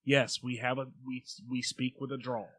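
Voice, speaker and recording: A man's voice: medium pitch, little pitch movement, moderate pace, a bit bright, dry recording. A man from Oklahoma with an Oklahoma accent, co-hosting a podcast in blunt, dry, matter-of-fact casual chat. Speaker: podcast co-host.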